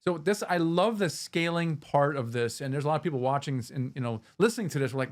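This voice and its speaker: A man's voice: a little high, lively intonation, fast, few pauses. A male host interviewing a guest, talking enthusiastically and often restarting his phrases. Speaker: podcast host. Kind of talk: interview conversation.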